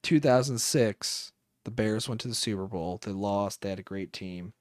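A young man who grew up near Chicago, co-hosting a podcast and telling an animated, profanity-heavy story, acting out the other people in it. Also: on the low side, moderate pace, no room sound, studio quality. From Chicago area, United States. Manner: animated, swears a lot, acts out quoted voices. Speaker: podcast co-host. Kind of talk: casual storytelling chat.

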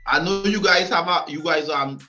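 A man's voice: on the high side, normal speed, pushed and bright, faint music behind. A man hosting a live show, talking emphatically and repeating words as he builds his points. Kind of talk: casual chat. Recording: dull lo-fi audio.

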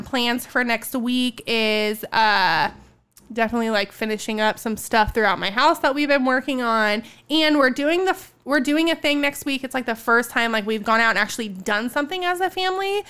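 Young female host, casual storyteller, high bright voice, laughs through her lines. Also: smooth. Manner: animated, laughing storyteller, many "like" fillers.

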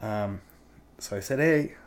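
A man with a fairly low voice tells a personal story in loose, casual speech. He swears freely and keeps reaching for "like" and "right?" as he rambles through it. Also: moderate pace. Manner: rambling and profane, full of "like" and "right?".

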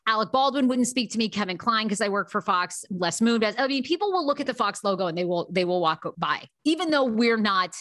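A woman's voice: mid-range voice, brisk, few pauses, dry recording, clean studio sound. A woman who is a red carpet reporter, talking as a guest in a casual chat and telling gossipy stories with lots of likes and restarts. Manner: gossipy, animated storytelling with many likes and restarts.

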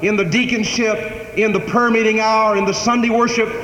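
High-voiced preacher in an echoey church. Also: male voice, steady tone, normal speed, fairly bright tone. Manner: emphatic preaching with swells and drops in volume. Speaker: pastor. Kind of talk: sermon. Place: church sanctuary. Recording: echoey church hall, faint background noise.

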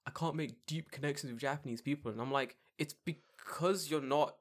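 A man's voice: fairly high pitch, normal speed. A man in casual podcast chat, telling stories with lots of swearing and mocking voices. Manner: swearing, animated storytelling with mocking put-on voices.

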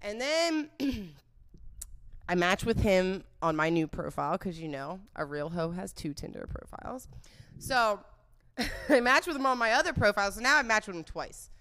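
Lively, profane young woman telling stories. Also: medium pitch, moderate pace. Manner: candid, profane, giggly, animated storyteller. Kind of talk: casual storytelling.

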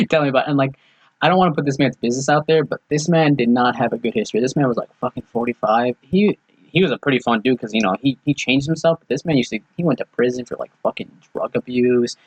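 A man's voice: medium pitch, quick pace, slightly rough, no room sound. A young man chatting casually on a podcast, telling a story with lots of swearing and quoted dialogue. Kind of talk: casual chat. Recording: dull lo-fi dry sound.

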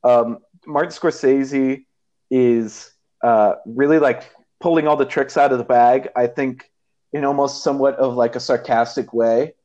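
A man's voice: medium pitch, fairly even intonation, measured pace, darkish tone, lo-fi sound. A man co-hosting a casual podcast about a movie, rambling with many fillers and restarts. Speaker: podcast co-host.

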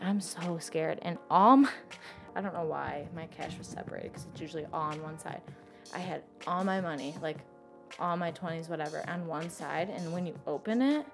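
A young woman telling a personal story in casual talk, rambling and saying "like" constantly. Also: fairly low pitch. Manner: says "like" constantly, rambling and emotional. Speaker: interviewee telling her story.

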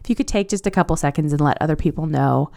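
A woman's voice: low voice, rapid-fire, gravelly, mellow. A young adult woman hosting a podcast in a casual monologue, gushing and chatty with a rambling flow. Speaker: podcast host.

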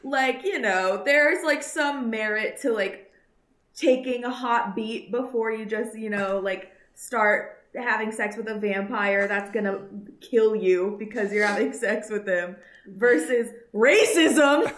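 A woman's voice: fairly high pitch, slow pace, fairly bright tone, roomy sound. A young woman in casual chat, arguing her point and laughing mid-sentence.

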